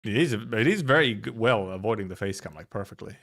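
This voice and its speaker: Low-voiced man reading game text live. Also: expressive, a little fast, a bit bright. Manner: wry, chatty asides between plain read-aloud lines. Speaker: streamer reading a game story aloud. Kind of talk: casual live reading with commentary.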